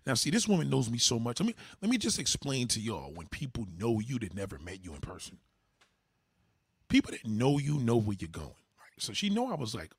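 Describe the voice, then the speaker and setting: A man hosting a livestream in a casual, profanity-laced chat. His husky voice swings widely in pitch as he tells animated stories. The sound is dry and close. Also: brisk, dry recording. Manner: loud, profane, animated storytelling. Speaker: livestream host.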